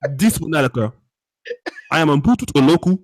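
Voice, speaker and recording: A man's voice: a little high, lively intonation, brisk, a little mellow, natural voice. A man voicing a stern, self-important tribesman who speaks in a stiff, formal mock-foreign manner and makes threats. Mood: menacing.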